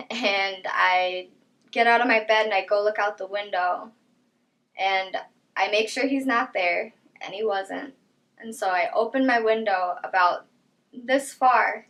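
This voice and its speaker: Young woman, interview testimony, mid-pitched, soft and halting with trailing phrases. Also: rough recording. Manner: quiet, halting storytelling with soft trailing lines. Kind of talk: personal testimony.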